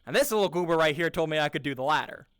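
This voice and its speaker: Earnest rambling young man, higher voice. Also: lively intonation, rapid-fire, fairly bright tone, clean tone, no echo, clean studio sound. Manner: earnest, enthusiastic, repeats words while searching. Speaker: improv teacher. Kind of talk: casual rambling monologue.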